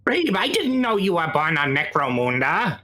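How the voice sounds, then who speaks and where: A man with a bright, sharp voice banters playfully at a tabletop game. His pitch sits a little high and jumps around, and he plays up earnest naivety. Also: sing-song, normal speed.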